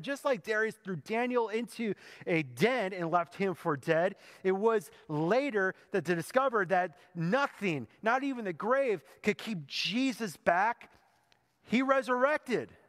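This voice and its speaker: Male pastor, high-pitched, conversational sermon delivery rising to emphatic climaxes; church hall reverb. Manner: conversational storytelling preacher, building to emphatic climax. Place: church sanctuary.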